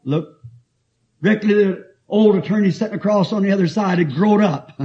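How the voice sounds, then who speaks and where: Heard on dull, lo-fi old tape, a man with a high-pitched voice preaches a sermon at a moderate pace. He reads scripture and tells stories emphatically, laughing often.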